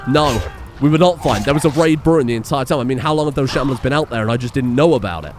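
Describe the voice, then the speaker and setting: A young man commentating his own gameplay, swearing and panicking as he shouts orders at his characters. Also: medium pitch, fast talker, background noise. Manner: swears and panics, swinging from mutters to yelps. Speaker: gaming streamer.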